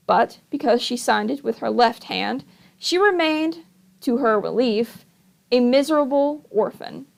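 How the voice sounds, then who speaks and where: A woman reading a children's novel aloud, with measured, wry storytelling. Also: a little high, gravelly.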